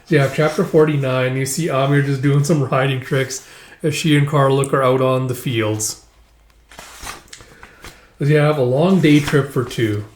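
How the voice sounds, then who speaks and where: A man's voice: medium pitch, steady tone, moderate pace. A man casually recapping a manga in a chatty, loose way, in a roomy-sounding recording. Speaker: manga reviewer. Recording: roomy echo.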